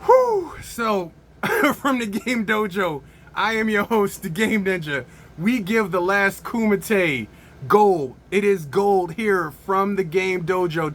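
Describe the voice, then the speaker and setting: High, bright-voiced excited male reviewer. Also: a little hiss or hum. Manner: excited, laughing fits, slangy. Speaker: movie reviewer and host. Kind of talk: casual video review.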